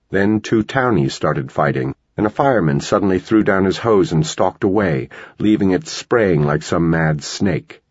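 Deep husky male narrator. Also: no room sound. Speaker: audiobook narrator. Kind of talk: scripted narration. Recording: dull lo-fi dry recording.

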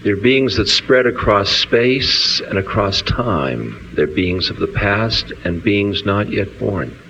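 A man leading a guided loving-kindness meditation with slow, soothing, drawn-out phrases, on a dull lo-fi recording. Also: lowish voice, animated, vocal fry, a bit bright, slight background noise. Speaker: meditation leader. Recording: dull lo-fi recording, faint ambience.

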